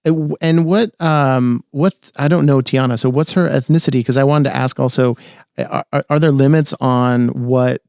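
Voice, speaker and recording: A man's voice: medium pitch, fairly even intonation, normal speed, creaky, a little mellow, clean tone, no echo, studio quality. A man hosting a casual interview, asking rambling, hesitant questions. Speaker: podcast host.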